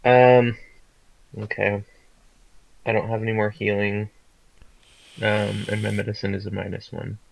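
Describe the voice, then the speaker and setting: A man's voice: on the low side, flat delivery, a little slow, gravelly, long pauses, slight background noise, rough recording. A man playing a tabletop game, talking hesitantly with many fillers. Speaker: player. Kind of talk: casual tabletop game chat.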